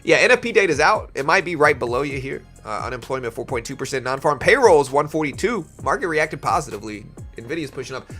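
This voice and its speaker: A man from South Louisiana with a light accent talks casually on a live trading stream. He chats easily with viewers between calling out market numbers. Soft music plays faintly behind his voice. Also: mid-range voice. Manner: chatty, answers viewer chat while calling market moves.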